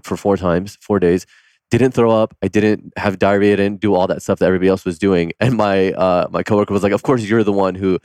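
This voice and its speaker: A man's voice: on the low side, darkish tone, no room sound. A man hosting a casual conversation, telling personal stories openly and laughing often. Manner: open, laughs often, storytelling. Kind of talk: casual chat.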